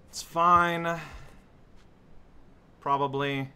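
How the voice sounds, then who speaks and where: A man giving casual gameplay commentary, muttering to himself and bursting into exasperated shouts. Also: a little high, sing-song, slow. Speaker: let's play commentator.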